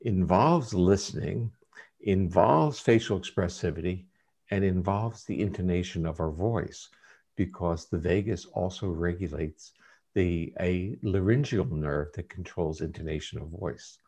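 A man, a guest scientist in an interview, giving measured, lecturing explanations. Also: deep voice, creaky, a little mellow, breathy edge.

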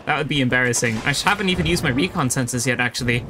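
A man's voice: medium pitch, racing, background noise. A young man giving casual live commentary while playing a video game, explaining his choices as he goes. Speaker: gaming YouTuber.

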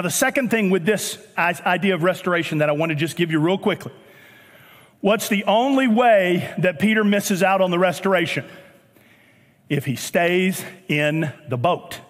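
A man with a Southern US accent preaching a sermon as pastor, animated, with joking asides and bursts of shouting. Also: high-pitched. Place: church auditorium. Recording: long church hall reverb.

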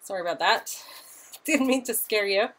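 Woman, 30s, live craft-show host, mid-pitched, chatty and apologetic, a bit flustered. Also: normal speed, a bit bright, low-quality recording. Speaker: craft demonstrator.

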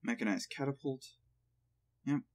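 Guy doing laid-back let's play commentary, mid pitch voice, noisy recording with clicks behind. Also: normal speed. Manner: relaxed, thinking aloud while playing. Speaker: gaming channel host.

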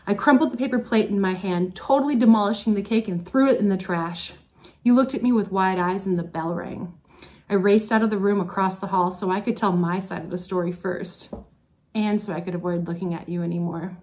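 A woman's voice: mid-range voice, normal speed, darkish tone. A woman teacher tells her graduating advisory class a story in a graduation speech. She is wry and pokes fun at herself as she goes. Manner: wry, self-mocking storytelling.

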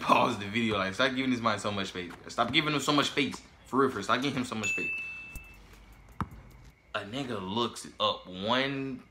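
Man trash-talking in a bright voice. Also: medium pitch, a little hiss or hum. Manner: excitable trash talk, repeating phrases. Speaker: YouTube reaction host. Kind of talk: casual reaction commentary.

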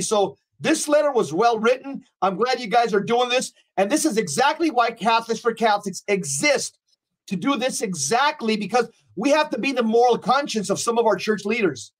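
A man's voice: extremely high pitch, animated, moderate pace. A man co-hosting a talk show, speaking emphatically in casual commentary, with frequent fillers. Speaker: co-host.

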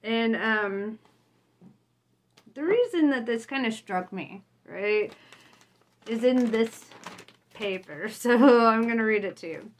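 A woman's voice: on the high side, animated, takes it slowly, long pauses. A woman vlogger reading her own reflection aloud casually, blunt, often laughing and tagging lines with "right?".

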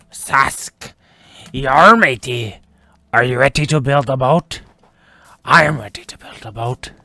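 A man putting on a gravelly jolly pirate. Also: mid-range voice, sharp tone, no room sound, full character voice. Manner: growls pirate yar and arr, tells rambling tales. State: throat getting scratchy. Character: boisterous male pirate from the prairies. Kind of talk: gameplay commentary.

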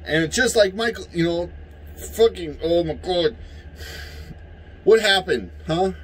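A man from the United States in a heated, profane political rant, yelling at times. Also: high-pitched, lively intonation, slow pace, slight background noise, low-quality recording. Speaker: vlogger.

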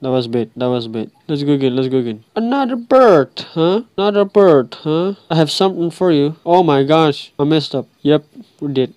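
A man's voice: on the high side, animated, moderate pace, a little mellow, dry recording. A young man giving casual, chatty commentary over a mobile game, talking to the characters and repeating himself. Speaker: gameplay commentator.

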